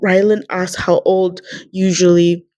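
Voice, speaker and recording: A woman's voice: on the low side, flat delivery, a little slow, mellow, no echo. A young woman rambling about a novel in a casual reading vlog, emotional and teary. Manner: rambling, emotional, tearful at times. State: crying. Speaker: book vlogger.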